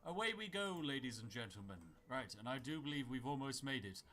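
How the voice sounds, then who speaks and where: A man's voice: medium pitch, expressive, brisk, fairly bright tone, slight background noise. A man with a British accent narrating his gameplay with dry, wry humor and mock-grand asides. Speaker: gaming YouTuber.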